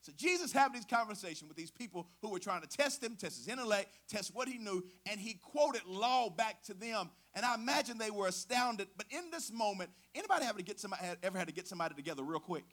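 A man preaching a sermon in a lively, conversational way, asking the congregation questions and using slang. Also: high voice, quick pace, hardly any pauses.

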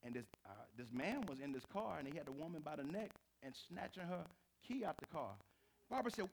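A man preaching a sermon to a live congregation, telling stories with big swings from quiet to shouting. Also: a little fast, creaky. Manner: animated storytelling, swinging from low to shouted. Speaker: pastor.

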